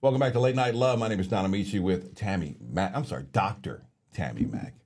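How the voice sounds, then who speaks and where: A man's voice: low-pitched, a little fast, darkish tone. A man co-hosting a late-night talk show in a loose, rambling, casual way. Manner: loose, rambling, repeats himself.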